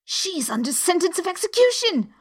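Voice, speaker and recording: A woman voicing a timid, anxious male rabbit who speaks in a hushed, hurried way in a storybook reading. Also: very high-pitched, big pitch swings, pitched above the performer's own voice. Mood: nervous.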